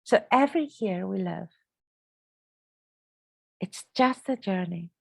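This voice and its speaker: A woman's voice: mid-range voice, animated, slow, creaky, no echo. A woman hosting a podcast, talking in an earnest, reflective and motivational way. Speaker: podcast host. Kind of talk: casual conversational podcast talk.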